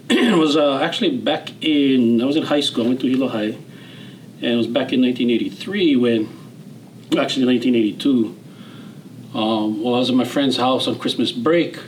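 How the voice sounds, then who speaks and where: A man of around sixty with a Hawaiian Pidgin-tinged accent, telling his story as a guest in a relaxed, rambling way, with fillers and restarts. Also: mid-range voice, moderate pace, a little hiss or hum, poor audio. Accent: Hawaiian Pidgin-tinged English. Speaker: interview guest, retired general. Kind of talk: casual storytelling interview.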